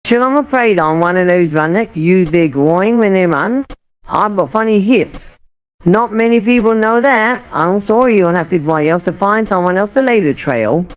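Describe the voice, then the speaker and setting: A man voicing a lazy male runner in a fox costume, speaking in a droll, deadpan way in an AI-voiced comedy sketch. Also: high voice, normal speed, clean tone, muffled recording.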